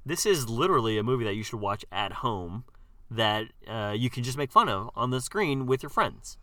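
A man's voice: mid-range voice, very animated, normal speed, pushed and bright, dry recording. A man co-hosting a podcast, chatting casually about a film with jokes and blunt verdicts. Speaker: podcast co-host. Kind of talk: casual film review chat.

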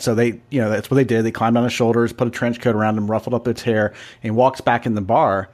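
A man on a podcast telling a long joke in a playful, drawn-out way. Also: medium pitch, flat delivery, a little mellow. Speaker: podcast co-host.

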